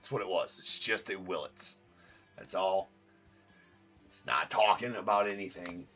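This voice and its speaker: A man's voice: low-pitched, measured pace, bright, forceful tone, soft background music. A man hosting a live card break stream, chatting casually and joking as he opens packs, with the odd swear.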